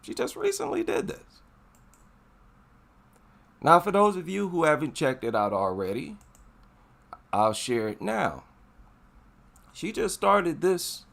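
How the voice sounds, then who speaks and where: A man's voice: high-pitched, gravelly, fairly bright tone. A man giving casual, emphatic commentary, repeating his points for effect. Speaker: MMA commentary vlogger.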